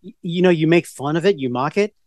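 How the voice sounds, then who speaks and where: A man's voice: fairly high pitch, fast, darkish tone, no room sound, clean studio sound. A middle-aged man co-hosting a casual podcast chat, rambling from one story to the next with many restarts. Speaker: podcast co-host.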